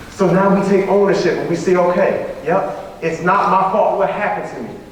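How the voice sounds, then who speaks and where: A man's voice: high-pitched, slight background noise. A male motivational speaker addressing a school assembly, talking with a preacher-like cadence and emphatic repetition. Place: school gymnasium or auditorium. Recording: echoey hall, distant room mic.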